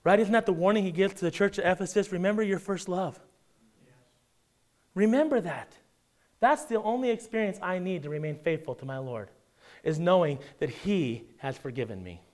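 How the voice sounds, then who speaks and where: A male pastor with a fairly high voice delivers a sermon in a conversational way. He keeps asking his listeners to agree, then drops his voice to a hush before rising again. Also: lively intonation, moderate pace. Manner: dramatic swings from loud emphasis to hushed near-whisper; conversational, asks the congregation "right?".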